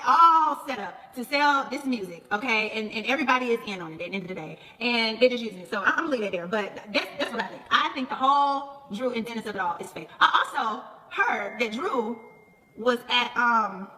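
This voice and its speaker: A woman's voice: fairly high pitch, animated, fast, bright, forceful tone, in a large hall, low-quality recording. A woman chatting to viewers, telling stories and acting out both sides of each conversation. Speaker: reality TV cast member talking to viewers. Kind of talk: casual storytelling chat.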